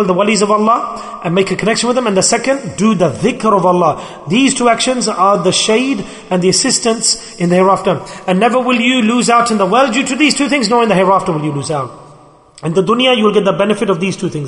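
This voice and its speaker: A man's voice: sits high, quick pace, fairly bright tone. A man preaching a sermon in an emphatic, repetitive way. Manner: emphatic, repetitive, acts out pleading voices. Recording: hall reverb.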